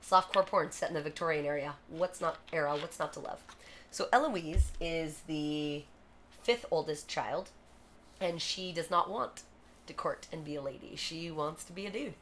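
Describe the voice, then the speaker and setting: A woman live-streaming, chatting quickly and casually between songs, thanking viewers and joking about herself. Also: low-pitched, fairly bright tone, a little hiss or hum. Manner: quick, chatty, self-deprecating. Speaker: streamer singing covers. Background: guitar.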